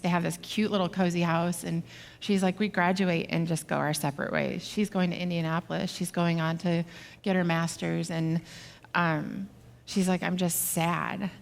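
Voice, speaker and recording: A middle-aged woman co-preaching with her husband, telling a personal story in a candid, halting way with many fillers. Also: fairly low pitch. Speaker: pastor's wife, co-speaker. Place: church auditorium. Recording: reverberant hall.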